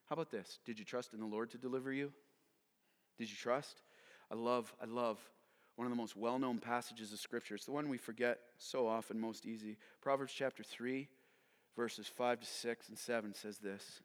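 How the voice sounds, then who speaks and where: A man preaching a sermon as pastor, swinging from hushed whispers to loud shouts and acting out characters playfully. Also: medium pitch, normal speed. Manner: dynamic preaching, dropping to whispers and rising to shouts; acts out characters in playful voices. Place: church sanctuary. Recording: long reverb of a large hall.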